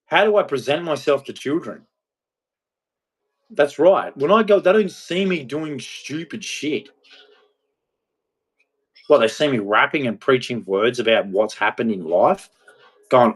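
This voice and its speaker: Man, heated rant to camera; blunt, agitated, swings from loud outbursts to low muttering. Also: sing-song, moderate pace, long pauses, husky. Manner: agitated, blunt, mocks others in shrill mimicry.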